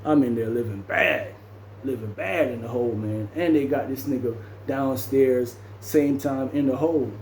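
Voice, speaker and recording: Man, casual storytelling, acts out voices and sound effects, mellow tone, roomy echo. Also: mid-range voice, normal speed, a little hiss or hum. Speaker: storyteller recounting his jail time.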